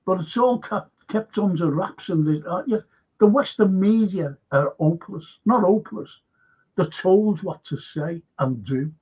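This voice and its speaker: A man hosts a live stream, talking slowly in a rather high, husky voice. He rambles emphatically, repeating himself and quizzing his viewers. The stream audio sounds dull and lo-fi. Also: animated, darkish tone.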